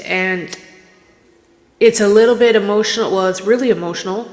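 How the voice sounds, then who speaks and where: A woman's voice: mid-range voice, normal speed, a little mellow. A woman from Canada who works as a psychic medium, chatting on a casual livestream in a candid, rambling, emotional way with many restarts. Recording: echoey room with long reverb.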